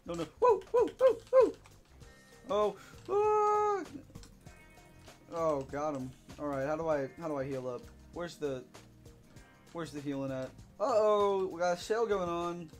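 Excitable young gaming commentator. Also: male voice, fairly high pitch. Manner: excitable, shouting and whooping while playing. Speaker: gaming YouTuber. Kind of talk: let's play commentary.

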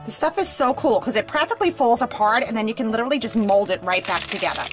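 A young woman hosting a toy unboxing video, gushing with excited, bubbly exclamations. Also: on the high side, fast, music in the background. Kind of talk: upbeat toy unboxing narration.

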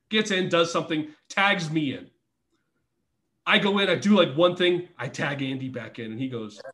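Laughing, storytelling man with a higher voice. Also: moderate pace, a bit bright. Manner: laughs through his stories, swears freely. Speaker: podcast guest, former pro wrestler. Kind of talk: casual storytelling chat.

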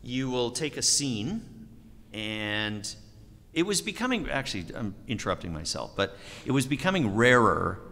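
A middle-aged man answers audience questions at a convention panel. He talks with a very animated pitch, pokes fun at himself and laughs easily. The sound rings with the long reverb of a large hall. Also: normal speed. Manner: self-deprecating, laughs often, acts out quoted remarks. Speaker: voice actor panel guest. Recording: echoey hall.

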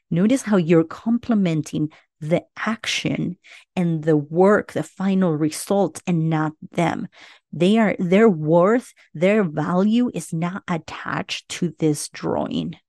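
Middle-aged woman host, unhurried and earnest, dry close sound, podcast advice monologue. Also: on the low side, a little mellow, no room sound. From Latino family. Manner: earnest, repeats "right?" often.

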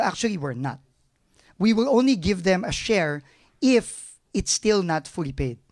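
Emotional Filipino man, high voice. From Philippines. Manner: emotional, frank, mixes in Tagalog phrases. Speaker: government agency head. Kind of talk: press briefing answers.

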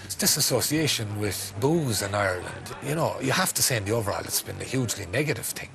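A man's voice: fairly low pitch, expressive, fast, creaky. A man interviewed for a documentary, talking bluntly and conversationally.

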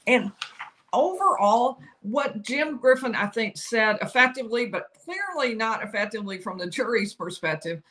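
Bright-voiced woman breaking down a trial. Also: on the high side, normal speed. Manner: explanatory, quotes lawyers with animated emphasis. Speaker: legal commentator. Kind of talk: solo legal commentary.

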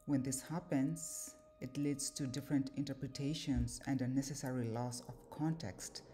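A woman giving an explanatory lesson, speaking deliberately with occasional filler pauses. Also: a bass voice, mellow, a little hiss or hum. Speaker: language and scripture teacher.

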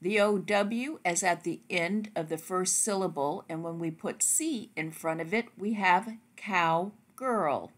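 A woman narrating a phonics lesson for teachers, speaking slowly and carefully as she walks through each word. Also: on the low side. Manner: slow, careful, deliberate word-by-word delivery.

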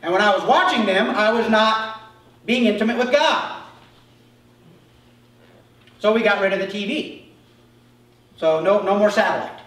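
Man, pastor, lively conversational sermon, acts out dialogue, booming reverberant room. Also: a little slow, pauses often. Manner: conversational, animated preaching with acted dialogue. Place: church sanctuary. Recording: echoey church hall, mic far off.

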